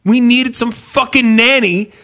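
A man hosting a podcast, ranting in an animated, profane way and reading off show plugs. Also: very high-pitched, a little slow. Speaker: podcast host. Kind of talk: casual podcast chat.

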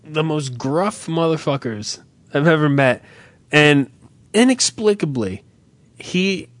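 A man co-hosting a podcast in casual, profane banter, rambling and animated as he tells stories. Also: on the high side, slow, no echo. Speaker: podcast co-host.

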